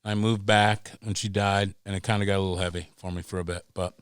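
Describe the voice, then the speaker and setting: A middle-aged man telling stories as a podcast guest, animated and profane, acting out voices as he goes. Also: deep voice, fast talker, clean tone, no echo, clean studio sound. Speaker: guest, pro snowboarder. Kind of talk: casual storytelling.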